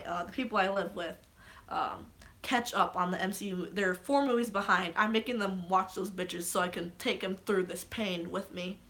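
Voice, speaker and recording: An excitable young woman talking straight to her camera in a loose, rambling vlog. She swears freely and piles on restarts, and her voice sounds bright and forceful. Her pitch sits in an ordinary middle range for a woman. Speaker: vlogger. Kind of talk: casual chat.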